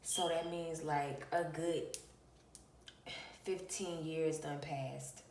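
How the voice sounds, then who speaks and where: A woman's voice: sits low, steady tone, very slow, a little mellow, reverberant, recorded from a distance, a little hiss or hum. An adult woman, telling a personal spiritual story to viewers, emphatic, repeating phrases and calling them y'all.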